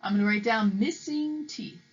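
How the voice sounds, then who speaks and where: This read-aloud lesson features a woman teacher whose fairly high voice carries a breathy edge at a moderate pace. She explains the story to children with patience, checking "okay?" after every point, and the recording sounds a little muffled.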